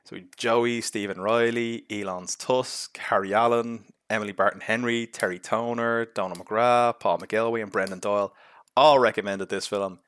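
Blunt, sarcastic man, low voice. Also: steady tone, normal speed, fairly bright tone, clean tone, dry recording, studio quality. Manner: chatty, blunt and sarcastic, with frequent restarts and "like". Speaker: host. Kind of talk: casual film commentary.

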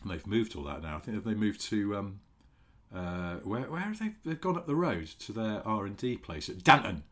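A man, co-hosting a comic chat, rambling and giggling, often trailing off quietly. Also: on the low side, very animated, normal speed. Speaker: podcast co-host. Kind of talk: casual comedic chat.

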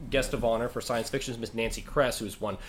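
A man chatting casually as a convention organizer, excitable and acting out what other people said. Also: fast talker. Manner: excitable, acts out quoted people in high voices. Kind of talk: casual podcast chat.

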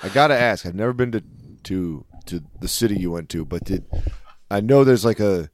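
A man's voice: on the low side, expressive, normal speed. A man joking around in laid-back banter during a casual chat.

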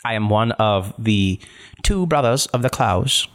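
A man voicing a frantic, cursing male gnome blacksmith in a high, flustered voice. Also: lively intonation, measured pace. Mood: cheerful. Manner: high, flustered, swearing a lot.

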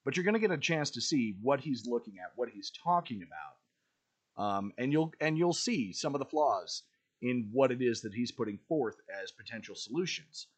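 Husky, animated male podcast host. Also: medium pitch, normal speed. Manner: clears his throat often, drifts into asides. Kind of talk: casual commentary, reading a speech aloud.

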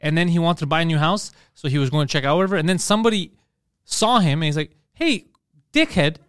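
A man's voice: very fast, a bit bright, clean tone, no room sound, clean studio sound. A man co-hosting a comedy podcast in casual chat, swearing freely and jumping into mocking voices when he quotes people. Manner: laughs often, swears, jumps into high mocking voices when quoting. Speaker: podcast co-host.

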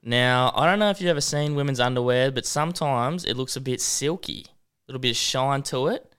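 A man delivers an absurd argument in a mock-serious way. His voice is smooth and resonant, and his pitch sits in the middle. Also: a little fast, fairly bright tone. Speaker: podcast co-host.

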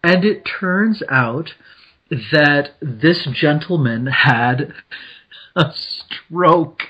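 Husky-voiced guy cohosting a podcast, slow and rambly, laughs a lot, dull muffled audio. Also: on the high side, animated. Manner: giggly, rambling, explains with many restarts. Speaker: podcast co-host. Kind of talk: casual podcast chat.

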